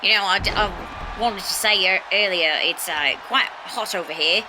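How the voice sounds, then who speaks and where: A co-commentator with a New Zealand accent, playful and halting, stumbling over words in comedic wrestling commentary. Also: medium pitch, noisy background. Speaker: color commentator.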